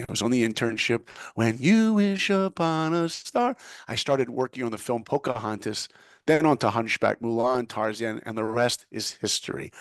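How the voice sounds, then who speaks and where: A middle-aged American man with a gravelly edge to his voice tells his story with vivid energy, switching between himself and the people he quotes. The sound is close and dry, with no room around it. He speaks as an interview guest. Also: mid-range voice, no echo. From United States. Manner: vivid, acts out both sides of dialogue. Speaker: guest, former animator and speaker. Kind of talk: animated storytelling.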